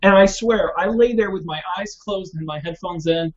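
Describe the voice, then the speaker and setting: A man's voice: high-pitched, moderate pace. A man hosting a casual tech podcast, chatty and enthusiastic as he recommends things. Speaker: podcast host. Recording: dull lo-fi audio.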